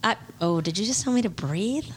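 Animated woman co-host, heated and profane. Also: medium pitch, fairly quick, husky. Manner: heated, profane storytelling with acted-out quotes. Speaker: podcast co-host. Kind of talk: casual chat.

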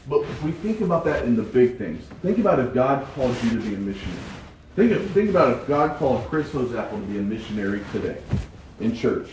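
Man, Bible study teacher, lively preaching, very echoey room, distant mic, faint hum. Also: mid-range voice, fairly quick. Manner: animated preaching with acted-out quotes. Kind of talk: sermon.

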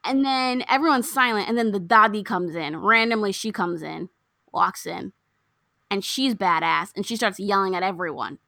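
A woman's voice: medium pitch, normal speed, gravelly, dry recording. A woman chatting casually as a podcast co-host, animatedly retelling a film and acting out the lines. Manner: animated storyteller acting out quotes. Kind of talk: casual movie recap chat.

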